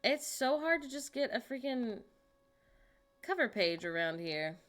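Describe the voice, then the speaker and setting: Woman streamer, unhurried, animated pitch, casual chat with viewers. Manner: chatty, talks to herself while working on screen; greets and answers chat viewers. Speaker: livestream host.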